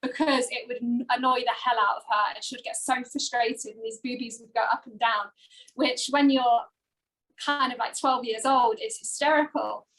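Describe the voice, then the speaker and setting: A woman co-hosting a talk show, telling stories in casual chat with an animated manner. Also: a little high, normal speed, low-quality recording. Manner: animated storytelling.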